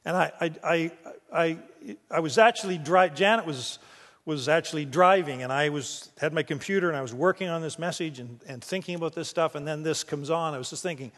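A man's voice: fairly high pitch, a little fast, fairly bright tone. A man pastor preaching a sermon, telling stories with frequent restarts. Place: church sanctuary. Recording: church hall reverb.

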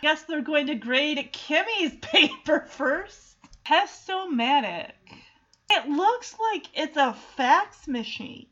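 A woman's voice: high-pitched, lively intonation, takes it slowly, fairly bright tone, lo-fi sound. A woman casually recapping a TV episode, chatty and giggly as she tells it. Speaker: show recapper.

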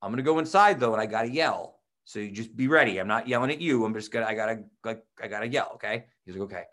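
A man's voice: lowish voice, quick pace. A young man, a teacher and podcast co-host, telling stories in casual chat and acting out the quotes with gusto. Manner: animated storyteller, acts out quotes loudly.

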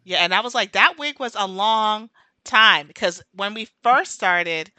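Animated woman recapping TV, bright voice. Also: mid-range voice, dry recording. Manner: animated, tangents, quick asides, laughs often. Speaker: podcast co-host. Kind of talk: casual TV recap chat.

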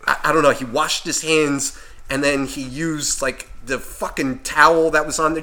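A man's voice: on the high side, fairly even intonation, normal speed, bright, forceful tone. A man co-hosting a podcast in casual chat, ranting and swearing constantly as he works himself up. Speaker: podcast co-host.

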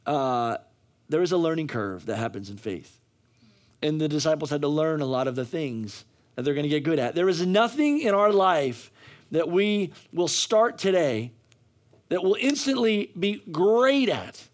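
A male pastor preaching a sermon in a notably high voice. He pushes his points hard, repeats lines for effect and stumbles into restarts as he goes. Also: expressive, moderate pace. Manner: emphatic, repetitive preaching with frequent restarts.

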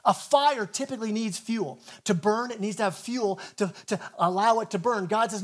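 Pastor, male, light high voice, earnest sermon delivery, stammers into phrases. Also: moderate pace, hardly any pauses. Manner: earnest, stammers and repeats words at the start of phrases. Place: church.

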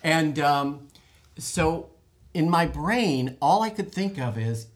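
A man's voice: a little high, animated, slow pace. Rambling self-mocking man telling a story. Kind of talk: anecdote in casual group chat.

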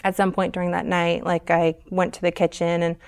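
A young woman talking as a guest, telling a personal story frankly, with halting pauses and many fillers. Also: lowish voice, completely flat delivery, clear, resonant tone.

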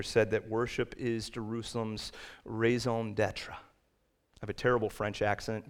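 A man preaching a sermon to his congregation, rising to loud, emphatic peaks when he reads scripture and quotes. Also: medium pitch. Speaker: pastor. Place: church sanctuary.

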